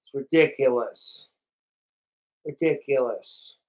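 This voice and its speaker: A man's voice: medium pitch, slow, rough recording. A man livestreaming, rambling profanely and animatedly straight to his viewers in casual chat. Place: home, overnight livestream.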